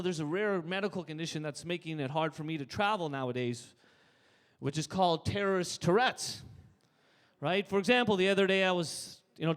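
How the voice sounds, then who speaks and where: Canadian man doing stand-up, high voice, punchy delivery, live club with long reverb. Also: a bit bright. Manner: punchy, tags jokes with "right?". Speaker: stand-up comedian. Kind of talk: stand-up set. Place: live comedy stage.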